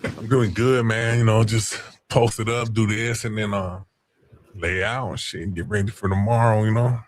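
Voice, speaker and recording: A man's voice: lowish voice, fairly even intonation, moderate pace, no echo. A man hosting a casual livestream, taunting chat users in crude, profane slang. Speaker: stream host.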